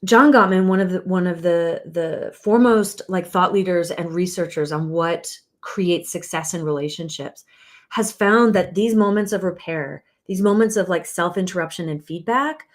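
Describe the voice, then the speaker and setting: Woman relationship coach, talks casual and earnest, lots of ums and restarts, lowish pitch. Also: normal speed. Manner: earnest, loose, with many fillers and restarts. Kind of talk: casual teaching talk.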